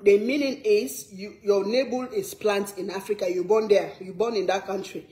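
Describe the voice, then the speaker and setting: In a casual vlog, a Sierra Leonean cooking vlogger talks to her viewers with a Sierra Leonean English accent, earnestly and emphatically, repeating words for stress. Her medium-pitched voice is mellow, with fairly even intonation and a moderate pace. The sound is reverberant.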